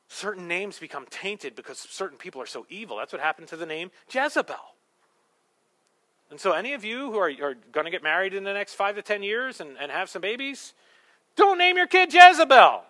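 A man's voice: high-pitched, big pitch swings, normal speed, bright, forceful tone. A male pastor preaching a sermon, emphatic, with rhetorical questions and humorous asides.

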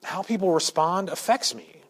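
A pastor preaching a sermon to his church, shifting from quiet asides to loud, emphatic points. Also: sits high, moderate pace. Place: church sanctuary.

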